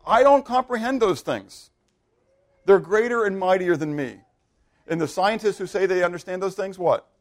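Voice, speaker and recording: A pastor preaching a sermon, animated and questioning his congregation, swinging between loud emphasis and hushed asides. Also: high-pitched, moderate pace.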